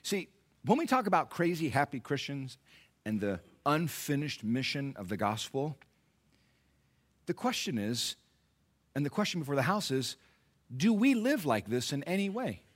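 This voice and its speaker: A man preaching a sermon, retelling scripture dramatically, swinging from hushed lines to loud, animated asides. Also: a little high, normal speed, pauses often. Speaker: pastor.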